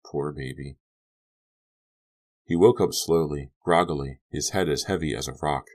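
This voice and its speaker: Audiobook narrator, man, extremely low voice, calm and measured. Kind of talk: scripted narration.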